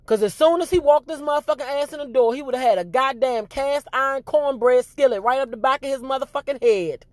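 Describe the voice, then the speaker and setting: Loud, profane woman ranting to camera. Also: high voice, a little fast, no echo. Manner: loud, animated, cussing freely. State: voice giving out. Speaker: vlog host. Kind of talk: profane rant to viewers.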